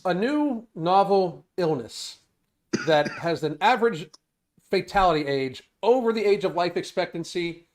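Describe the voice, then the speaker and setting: A man co-hosting a casual live-stream talk. He speaks sardonically and with emphasis, and his voice sits a little high. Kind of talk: casual chat.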